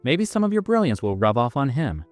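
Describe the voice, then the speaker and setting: A man voicing a stern, sarcastic female Spanish teacher with a sharp, cutting manner. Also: mid-range voice, sing-song, a little fast, faint music behind, pitched above the performer's own voice, close to an everyday voice.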